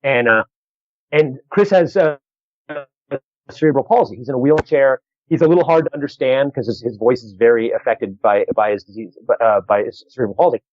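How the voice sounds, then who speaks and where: Speaking fairly quickly in a medium pitch with no echo, a comedian tells a story as a guest in a casual podcast interview. He's animated and rambling, keeps restarting, and performs both voices in the exchanges he recounts. It's recorded over a video call, so the audio is dull and lo-fi.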